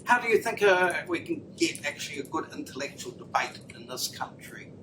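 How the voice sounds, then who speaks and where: A man's voice: a little high, sing-song, fairly quick. A man in the audience, asking a long, rambling question at a lecture. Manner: discursive, builds a long question. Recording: distant audience mic with background noise.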